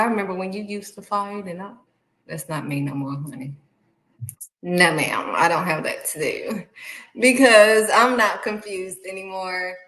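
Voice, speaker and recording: A woman giving a casual, animated faith talk, speaking straight to her viewers. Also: on the low side, reverberant, rough recording. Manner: animated, acts out excited voices and exclamations; talks straight to viewers, calling them honey. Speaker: faith vlogger.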